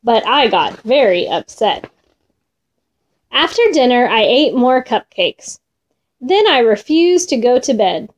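A woman reading a children's storybook aloud in an expressive, gentle way. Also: fairly high pitch, slow, highs cut off.

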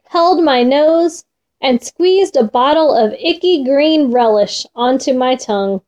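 A woman reading a children's storybook aloud in an expressive, gentle way. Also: high voice.

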